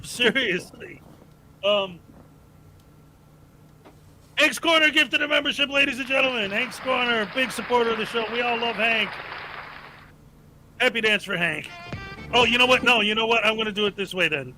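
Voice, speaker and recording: A man's voice: high voice, normal speed, long pauses, pushed and bright, slight background noise, poor audio. A man hosting a casual livestream, chatty and laughing often as he thanks supporters and hypes viewers. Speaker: livestream host. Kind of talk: casual live chat reading donations.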